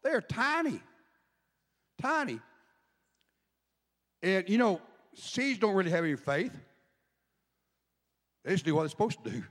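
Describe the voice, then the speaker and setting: A man's voice: sits high, very animated, normal speed, pauses often. A man preaching a sermon, chatty, asking the congregation questions as he goes. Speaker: pastor. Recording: long hall reverb.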